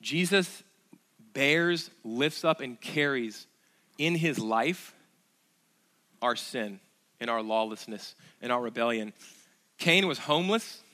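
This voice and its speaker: A man's voice: mid-range voice, animated, slow, long pauses, bright, forceful tone. A man preaching a sermon as pastor, earnest, asking the congregation rhetorical questions, with fillers and restarts.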